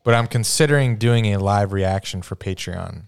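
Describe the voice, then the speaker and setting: Casting note: male podcast host, lowish voice, close dry sound, teasing and quick. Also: gravelly, clear, resonant tone, dry recording. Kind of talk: casual chat.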